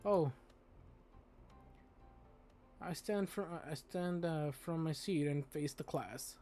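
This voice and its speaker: Sex: male. Role: cursing game streamer. Pace: slow, halting. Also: on the high side, dark tone. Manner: profane, stumbling through read text. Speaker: streamer playing a visual novel. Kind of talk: casual game commentary, reading aloud. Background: faint game music.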